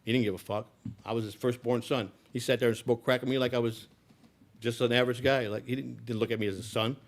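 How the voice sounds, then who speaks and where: A man's voice: fairly even intonation, fast talker, creaky. Blunt, profane middle-aged man. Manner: blunt, profane, swings from low mutters to loud outbursts. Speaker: speaker telling his life story. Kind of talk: raw personal storytelling.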